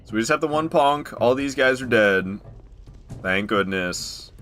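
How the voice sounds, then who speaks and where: A man streaming a video game, giving excitable live commentary as he plays. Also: medium pitch, a little slow, soft background music. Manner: excitable, animated, laughing and groaning at the game.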